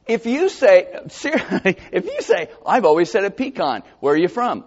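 Animated pastor preaching in a hall. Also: male voice, extremely high pitch, measured pace, hardly any pauses, breathy edge. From Georgia, US. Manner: animated, jokey preaching with scripture reading. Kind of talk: sermon. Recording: dull sound, long hall reverb.

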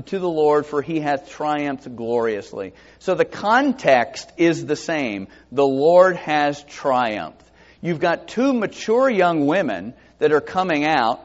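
A male preacher teaching from scripture at a slow, deliberate pace. His fairly high voice swings widely as he poses rhetorical questions. The recording is muffled and lo-fi. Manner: expository Bible teaching, reading scripture aloud in King James wording; asks rhetorical questions, lively and animated. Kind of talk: sermon.

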